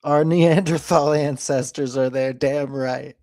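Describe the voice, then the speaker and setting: A man's voice: mid-range voice, fairly even intonation, unhurried, mellow, no room sound, studio quality. A man hosting a casual online chat show, teasing and pushing for answers. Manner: pushy, teasing, demanding answers. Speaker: host.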